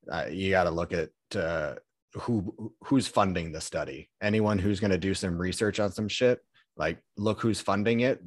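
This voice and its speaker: Man, deep voice, dry sound, podcast host, casual, earnest, lots of fillers. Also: dry recording. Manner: easygoing, filler-heavy, earnest. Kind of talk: casual conversation.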